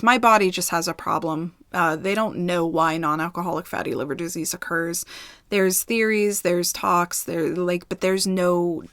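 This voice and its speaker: A woman's voice: on the low side, fairly bright tone, no echo, studio quality. A woman telling a rambling, candid storytime in casual chat, a little out of breath, with many fillers. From United States. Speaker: ASMR storytime creator.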